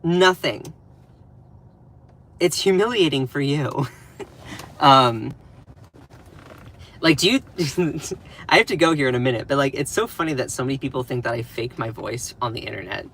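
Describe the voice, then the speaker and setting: Southern US male streamer, mid-pitched, punchy and repetitive delivery, casual commentary. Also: animated, moderate pace, long pauses, fairly bright tone, slight background noise. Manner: emphatic, repeats phrases for stress. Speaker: live streamer, political commentator.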